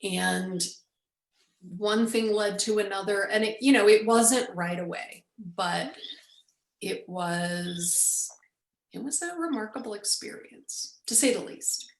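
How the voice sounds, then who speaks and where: A woman in her forties, the guest, telling a personal story with lively storytelling and acted-out quotes. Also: medium pitch, slow pace, creaky, roomy sound, poor audio. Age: 40s. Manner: animated storyteller, acts out quoted speech. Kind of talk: storytelling in an interview.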